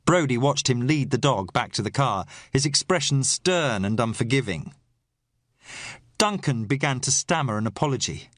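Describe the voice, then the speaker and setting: Male audiobook reader, expressive, lively pitch, dry close sound. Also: normal speed, no room sound. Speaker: audiobook narrator. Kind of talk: first-person novel narration.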